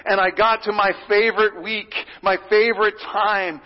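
A male pastor preaches in a high, earnest voice, rising into loud pleading and dropping to hushed whispers. The sound is dull and lo-fi, with a long reverb from a large sanctuary. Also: flat delivery, normal speed. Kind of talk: sermon.

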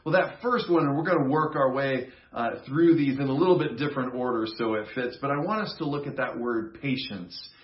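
A man's voice: mid-range voice, brisk, few pauses. Conversational man preaching in a roomy church. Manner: conversational, playful teaching with congregation call-and-response. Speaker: pastor. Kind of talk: sermon. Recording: roomy, dull sound.

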